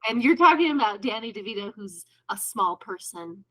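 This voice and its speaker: A woman's voice: medium pitch, animated, moderate pace, bright, forceful tone, low-quality recording. A young adult woman co-hosting a podcast, talking in a playful, laughing, casual way. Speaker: podcast co-host. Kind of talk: casual chat.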